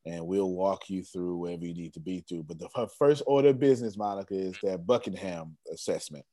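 A man's voice: sits low, a little fast, warm tone, no room sound. Enthusiastic male host, dry sound. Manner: enthusiastic, emphatic, repeats phrases and laughs often. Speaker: host of a coaching group call. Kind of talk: lively group video call.

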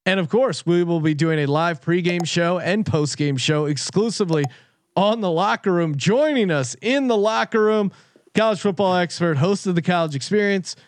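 High-voiced chatty male podcast host. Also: dry recording. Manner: chatty, quick to laugh, teasing. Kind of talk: casual sports betting chat.

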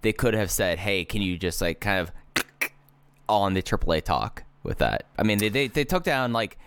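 A man's voice: lowish voice, very animated, moderate pace, a bit bright, clean tone, no echo. A man in casual podcast chat who argues his point and stumbles on repeated words. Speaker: podcast co-host.

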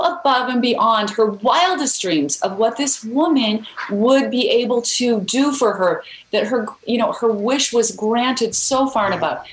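A woman's voice: a little high, lively intonation, unhurried, few pauses, echoey room, poor audio. A woman guest author telling a story in a podcast interview, earnest and encouraging.

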